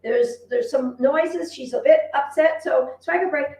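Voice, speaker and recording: A woman's voice: high-pitched, unhurried, warm tone, slight background noise. A woman dog trainer giving an upbeat online lesson from home, talking to her dogs as she teaches.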